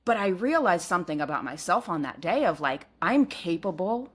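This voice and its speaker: A middle-aged woman co-hosting a podcast, telling a personal story in casual chat and acting out what she shouted back then. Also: on the low side, moderate pace, slightly rough. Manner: animated storyteller, acts out her own past shouts. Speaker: podcast co-host.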